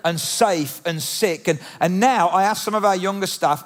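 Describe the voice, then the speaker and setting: A man preaching a sermon in a church, animated and conversational, full of rhetorical questions. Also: on the high side, moderate pace, few pauses. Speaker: pastor. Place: church auditorium.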